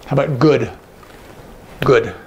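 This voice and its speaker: Male instructor, unhurried and gravelly, demonstrates each sign with a quick "okay?" check, faint background noise. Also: mid-range voice, darkish tone, dull audio. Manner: patient, repeats each word slowly, checks in with "okay?". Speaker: sign language teacher.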